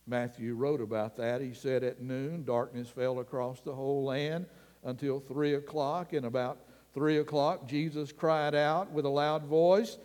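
A man preaching a sermon as pastor, earnest and deliberate, sometimes dropping his voice to a hush. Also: fairly high pitch, in a large hall. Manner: slow, earnest preaching with dramatic drops to a hush.

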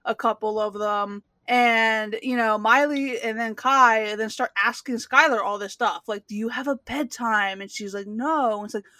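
Woman co-host, casual recap chat, bright high voice, dry close sound, giggly and filler-heavy. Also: fairly even intonation, moderate pace, few pauses, dry recording. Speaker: podcast co-host recapping a show.

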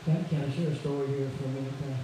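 A man preaching a sermon fervently, rising at times into shouted praise, heard in an echoey church from far off. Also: medium pitch, steady tone, rapid-fire, over music.

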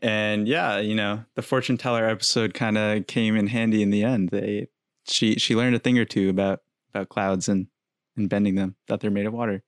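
Easygoing low-voiced young man recapping. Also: little pitch movement, brisk, no room sound, clean studio sound. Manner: easygoing, retells scenes with quoted lines. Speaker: podcast co-host. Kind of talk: casual recap narration.

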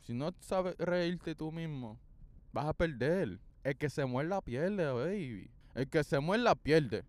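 Lively, playful man. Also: a little high, moderate pace, no room sound. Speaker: podcast host. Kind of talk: casual solo podcast monologue.

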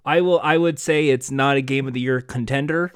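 Male podcast host, halting casual delivery, dry close sound. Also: medium pitch, steady tone, clear, resonant tone, no room sound. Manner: hesitant, with frequent restarts. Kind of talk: casual game review chat.

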